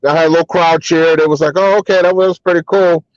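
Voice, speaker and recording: A man, a hip hop artist and DJ, telling relaxed anecdotes as an interview guest, with many ums and restarts. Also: on the high side, quick pace, smooth, no echo, lo-fi sound. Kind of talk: casual storytelling interview.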